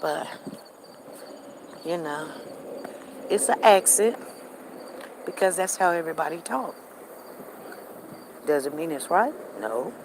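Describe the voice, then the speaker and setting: A woman vlogging on an outdoor walk, telling stories in a chatty, animated way and talking straight to her viewers. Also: deep voice, slow pace, pauses often, noisy background. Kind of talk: casual storytelling to viewers.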